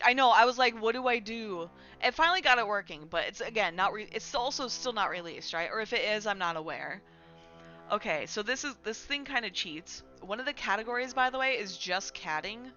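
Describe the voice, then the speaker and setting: A woman streamer chats casually from home. She laughs often and coos at her cat between remarks. Her voice is bright and crisp, with soft music playing faintly under her. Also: mid-range voice, dull audio. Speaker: Twitch streamer. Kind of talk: casual live-stream chat. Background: faint music from a playlist.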